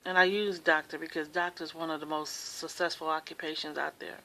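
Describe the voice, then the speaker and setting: A woman's voice: deep voice, little pitch movement, a little fast, sharp tone, rough recording. A woman vlogger giving a rambling, impassioned opinion monologue in a casual way. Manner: rambling, impassioned social commentary.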